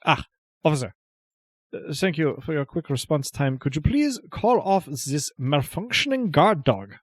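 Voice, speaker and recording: A man's voice: on the high side, animated, slow pace, dark tone, no room sound, voice pushed up, exaggerated voice. A man voicing a prim, entitled male professor in a tabletop game, clipped and condescending. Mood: haughty.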